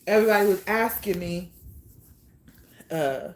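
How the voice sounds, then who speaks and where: Halting, gravelly low-voiced woman. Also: a little hiss or hum. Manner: halting, soft-spoken, trailing off with many pauses and sighs. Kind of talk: personal storytelling to camera.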